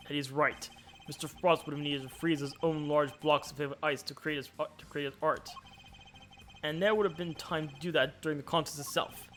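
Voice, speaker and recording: A man voices a composed prosecutor from a video game, reasoning through the case in a measured way. His voice is slightly higher than average. Game music plays faintly in the background. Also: fairly bright tone, close to an everyday voice. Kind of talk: reading game dialogue aloud.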